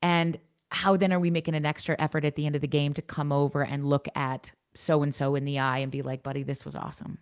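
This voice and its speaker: A woman coach giving a workshop talk to coaches and parents in a frank, blunt, energetic way. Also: low voice, fairly quick, few pauses, clear, resonant tone. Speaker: youth coach and workshop presenter.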